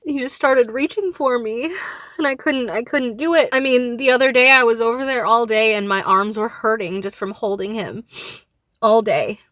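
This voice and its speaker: A woman's voice: a little high, moderate pace, a bit bright, no room sound. A young woman talking straight to camera, grieving and enraged, close to tears as her voice rises and falls. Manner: grieving and enraged, voice rising and falling. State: on the verge of tears. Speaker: vlogger. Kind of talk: emotional direct-to-camera talk.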